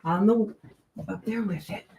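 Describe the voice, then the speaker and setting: A woman's voice: medium pitch, unhurried, vocal fry, dark tone, slight background noise. A woman hosting a quilting show, chatting casually to viewers and herself as she sorts her craft room. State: out of breath at times. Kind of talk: casual chat while tidying. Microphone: earbuds.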